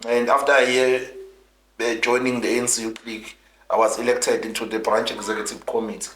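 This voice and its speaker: A man with a mid-range, slightly bright voice that barely moves in pitch speaks a little fast as a guest politician from South Africa. Recounting his life in an interview, he rambles earnestly and restarts often, and the audio carries roomy echo.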